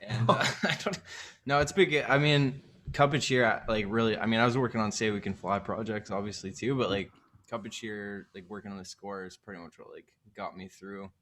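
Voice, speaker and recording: A man's voice: fairly low pitch, brisk, fairly bright tone, slight background noise. A man, a film composer, chatting casually in a rambling way full of fillers. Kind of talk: casual chat.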